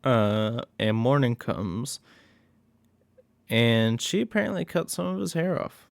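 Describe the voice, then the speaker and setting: A man giving a casual recap of a horror movie, excitable and profane. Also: mid-range voice, slow pace, creaky, no echo, clean studio sound.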